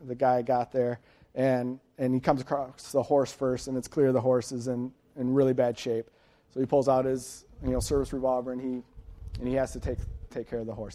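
A man's voice: mid-range voice, a little mellow. A man in his late thirties preaching an informal sermon, folksy and chatty, often checking in with his listeners. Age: late 30s.

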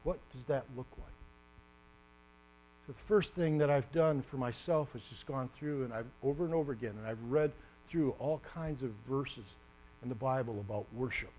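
A man preaching a sermon, animated and acting out the story with sudden loud bursts. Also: medium pitch, normal speed, slight background noise.

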